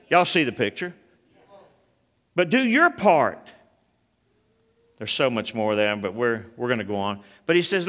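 A man's voice: on the high side, fairly bright tone. A man preaching a sermon, calling out to the congregation and building to a fervent, raised delivery. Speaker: pastor.

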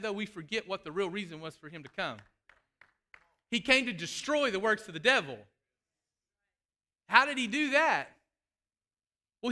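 Fervent high-voiced preacher. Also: male voice, bright, forceful tone. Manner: fervent, emphatic, calls out to congregation. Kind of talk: sermon.

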